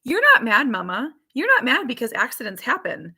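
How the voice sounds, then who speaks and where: A bold little toddler girl, voiced by a woman telling a story about her, speaks high and bright and insists on her own logic with a flat, matter-of-fact certainty. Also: fairly quick, creaky, slightly rough, exaggerated voice. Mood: insistent. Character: bold, stubborn three-year-old girl.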